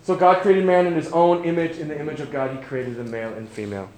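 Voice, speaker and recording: Young guy pastor, high voice, chatty sermon w jokes, echoey hall, bit of noise. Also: steady tone, fast. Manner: conversational, joking asides, frequent "right?". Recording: roomy hall sound, faint background noise.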